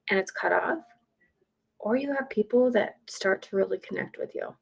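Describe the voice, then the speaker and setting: Blunt, swearing woman, gravelly voice. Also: mid-range voice, moderate pace, rough recording. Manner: blunt, swears freely, chatty and opinionated. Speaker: streamer, podcaster. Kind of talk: casual live-stream chat. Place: home.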